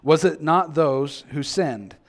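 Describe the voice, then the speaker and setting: Man, sermon, lively storytelling, rhetorical questions, slightly high voice. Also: slow pace. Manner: animated storytelling, acting out quoted reactions; asks the listeners many questions. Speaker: preacher.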